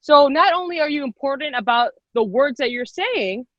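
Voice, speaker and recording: A woman leading an online public speaking workshop on a video call, lively and quick-talking, encouraging the participants. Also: sits high, no echo. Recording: dull lo-fi video call audio.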